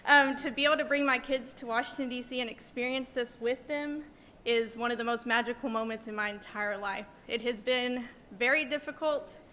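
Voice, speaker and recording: Bright, tearful woman teacher. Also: a little high, steady tone, fairly quick. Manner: emotional, tearful, laughing nervously. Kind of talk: emotional conference speech. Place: museum conference hall. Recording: long hall reverb, faint noise.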